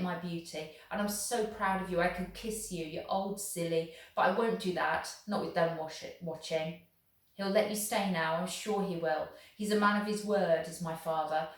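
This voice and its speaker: A woman reading aloud, voicing an earnest, gentle fifteen-year-old farm boy. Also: lowish voice, fairly even intonation, normal speed, recorded from a distance, close to an everyday voice. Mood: tender. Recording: echoey room, voice off the mic.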